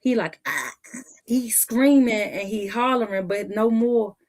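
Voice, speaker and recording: Animated woman telling a family story. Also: on the high side, a little slow. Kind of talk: casual storytelling.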